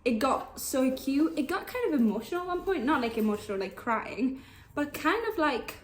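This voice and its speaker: A woman's voice: high voice, sing-song, normal speed, slight background noise. A young woman in her twenties chatting casually about books she is reading, bubbly and full of "like" fillers. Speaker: book vlogger. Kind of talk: casual chat.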